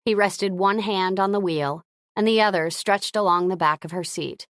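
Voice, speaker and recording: A woman narrating an audiobook in an expressive, lively reading. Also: medium pitch, moderate pace, no echo, clean studio sound.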